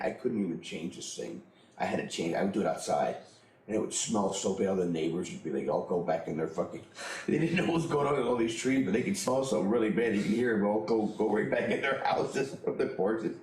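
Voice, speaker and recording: Deep gravelly man, blunt and profane. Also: darkish tone, reverberant, a little hiss or hum, rough recording. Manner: blunt, profane, laughs through his own story. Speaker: interviewee. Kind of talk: candid personal storytelling.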